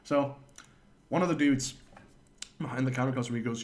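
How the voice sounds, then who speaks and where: A man with a mid-range, slightly mellow voice talks briskly while streaming live, telling a rambling, profane anecdote and stopping to thank viewers.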